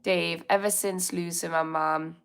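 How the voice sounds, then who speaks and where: A woman's voice: lowish voice, fairly even intonation, a little slow, fairly bright tone, smooth. A middle-aged woman, chatting candidly on a livestream about recovery and reading out comments, sounding a bit unwell. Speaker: livestream host in addiction recovery. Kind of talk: casual livestream chat.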